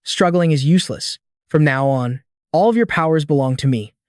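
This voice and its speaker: A man's voice: on the high side, normal speed, darkish tone, dry recording, studio quality, lightly acted. A man reading the lines of a sarcastic, arrogant female demon servant in a recap video, taunting and condescending. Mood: mocking.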